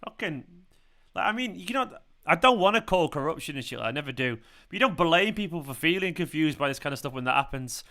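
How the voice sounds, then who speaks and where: A man's voice: a little high, very animated, fairly quick, bright, forceful tone. A young man hosting a live football watchalong, ranting furiously at a referee decision and swearing over and over. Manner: furious, swearing, repeats himself. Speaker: football fan channel host.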